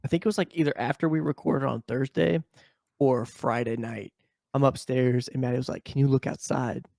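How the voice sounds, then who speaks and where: A man co-hosting a casual podcast over a video call, telling stories with lots of laughter and acting out the people in them in high voices. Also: steady tone, a little fast, gravelly, darkish tone, dry recording, studio quality. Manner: laughing storyteller who acts out quoted people in high voices. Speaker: podcast co-host. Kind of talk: casual chat.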